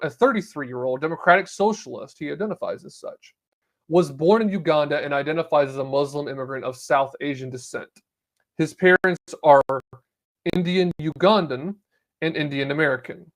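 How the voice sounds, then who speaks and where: A man's voice: fairly high pitch, fairly bright tone. Sarcastic male podcast host. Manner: conversational, sarcastic asides, reads news articles aloud. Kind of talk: solo political commentary.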